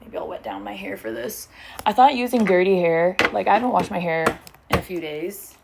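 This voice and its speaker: A woman's voice: medium pitch, animated, brisk, gravelly, heavy background noise. A young woman in casual livestream chat at home, swearing freely and reading out viewer comments while braiding her hair. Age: young adult. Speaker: streamer. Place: living room at home.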